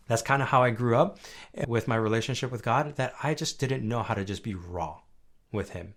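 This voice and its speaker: A young man hosting a faith podcast, talking earnestly and conversationally, dropping soft and low at times and then rising loud and high when stirred. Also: normal speed. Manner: earnest, conversational, often asks "right?". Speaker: podcast host. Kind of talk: faith-based personal podcast talk.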